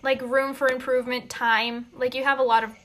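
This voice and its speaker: A woman's voice: high-pitched, little pitch movement, a little fast, a bit bright, slight background noise. A teenage girl co-hosting a casual podcast chat, rambling with lots of fillers. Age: teens. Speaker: podcast co-host.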